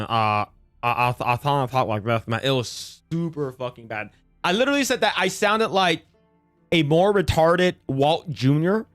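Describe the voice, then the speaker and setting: A young man riffs on a livestream in a loose, rambling way, greeting his chat by name and swearing freely. His voice sits a bit high for a man, and soft music plays faintly behind him.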